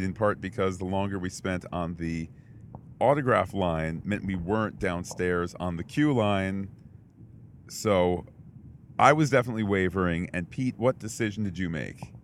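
A man's voice: sits low, slight background noise. A man co-hosting a podcast in casual chat, telling a story in a rambling way with many fillers and restarts. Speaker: podcast co-host.

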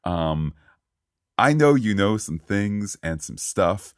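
A man's voice: fairly low pitch, big pitch swings, slow pace, clean tone, no echo, studio quality. A man hosting a casual podcast, bantering playfully with his co-host and leading the show.

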